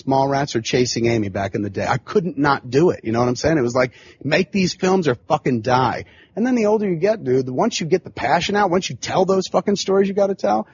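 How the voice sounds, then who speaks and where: Profane, animated man telling a story. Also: medium pitch. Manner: animated, profane, lots of "you know what I'm saying". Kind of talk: casual storytelling monologue. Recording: slightly dull lo-fi sound with faint background hum.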